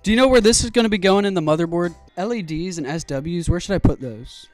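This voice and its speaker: A young man streaming while he builds a PC, telling an animated story with plenty of swearing. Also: high voice, fast talker, dry recording, faint music behind.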